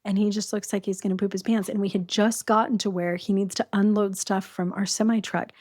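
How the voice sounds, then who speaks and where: A middle-aged woman, a podcast guest, tells her story in an animated, quick way and laughs often. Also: mid-range voice, no room sound, studio quality. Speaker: guest, abuse survivor.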